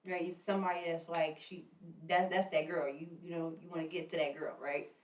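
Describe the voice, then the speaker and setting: A woman's voice: lowish voice, flat delivery, a little fast, darkish tone, echoey room, far from the mic, poor audio. A woman hosting a podcast, chatting in a laid-back, encouraging way with casual slang. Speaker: podcast host.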